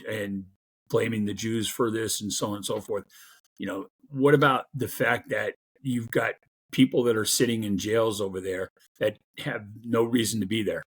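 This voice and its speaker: A middle-aged man giving an angry, profane political rant, growing louder as he goes. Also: on the low side, slightly rough. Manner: angry, profane, rising to loud outbursts. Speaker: political commentator.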